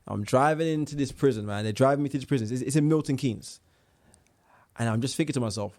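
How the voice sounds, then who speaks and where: Young man, interview guest; lively, slangy storyteller with restarts. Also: medium pitch, fast.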